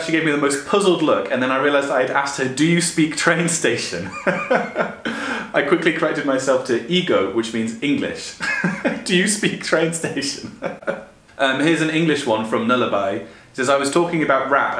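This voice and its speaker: A man's voice: medium pitch, fairly bright tone, reverberant. A young man chatting casually, reading out stories and often breaking into laughter at them. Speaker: vlogger.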